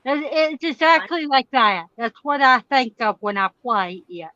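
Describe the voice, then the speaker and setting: Slow, hesitant bright-voiced woman. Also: high-pitched, expressive, no echo. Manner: hesitant, many ums. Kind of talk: casual chat. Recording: dull lo-fi dry audio.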